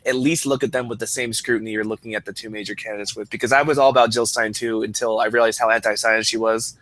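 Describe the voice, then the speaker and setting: A man's voice: lowish voice, fairly even intonation, quick pace, fairly bright tone. A man co-hosting a podcast in casual chat, giving opinionated rants. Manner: opinionated, ranting. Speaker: podcast co-host.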